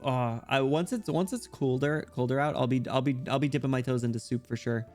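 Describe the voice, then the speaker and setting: A man's voice: medium pitch, a little fast, darkish tone, soft background music. A man streaming and chatting casually with his viewers, rambling and poking fun at himself. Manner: rambling, self-deprecating, joking.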